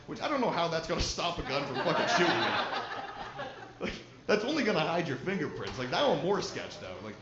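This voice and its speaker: A man's voice: on the high side, roomy sound, muffled recording, background noise. A man doing a stand-up comedy set, telling a profane story and bantering with the crowd. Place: live comedy venue.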